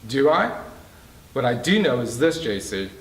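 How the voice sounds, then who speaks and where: A man's voice: medium pitch, big pitch swings, unhurried. A man reading the part of a mocking, scheming male prison boss with a smug, taunting manner. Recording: roomy, distant mic.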